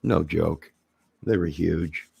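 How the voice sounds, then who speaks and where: A man's voice: a bass voice, fairly even intonation, slow, gravelly, a little mellow, husky, no room sound. A man chatting casually on a livestream, rambling and joking as he answers viewers' comments. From Illinois, near Chicago.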